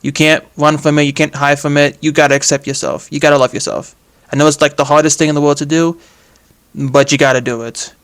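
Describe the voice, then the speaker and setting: A man's voice: on the high side, brisk. A man giving a casual, exasperated rant about a video game, swearing and filling his talk with "like". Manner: animated and exasperated, with heavy use of "like" and swearing. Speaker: game commentator.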